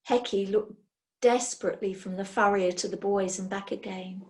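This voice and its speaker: A woman reading a children's storybook aloud in an expressive way. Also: mid-range voice. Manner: slow, expressive.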